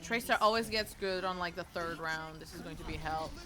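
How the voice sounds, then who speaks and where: A woman's voice: fairly low pitch, brisk. A woman from Portugal, chatting casually and teasing her viewers while streaming a game, swearing freely. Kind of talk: casual gaming stream chat.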